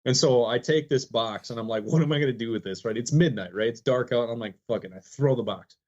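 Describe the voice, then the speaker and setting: Male podcast guest, animated storyteller, acts out the quotes, mid pitch, muffled lo-fi audio. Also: fast talker. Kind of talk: casual storytelling.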